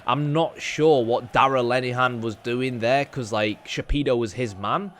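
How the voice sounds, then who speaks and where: A man's voice: medium pitch, moderate pace, a bit bright, slight background noise. A young man chatting casually through his football game, rambling and self-deprecating with plenty of fillers. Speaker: gaming YouTuber. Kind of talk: casual gameplay commentary.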